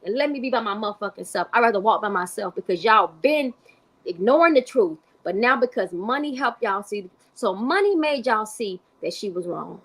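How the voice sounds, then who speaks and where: A woman's voice: medium pitch, expressive, normal speed, a bit bright. A woman hosting a live stream, delivering heated commentary in an emphatic, profane way and repeating points for emphasis.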